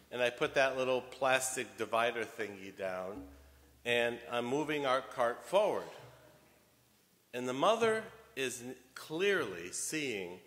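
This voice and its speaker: A man preaching a sermon as homilist, telling a story in a deliberate way with wide swings in loudness. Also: mid-range voice. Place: church. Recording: long church reverb.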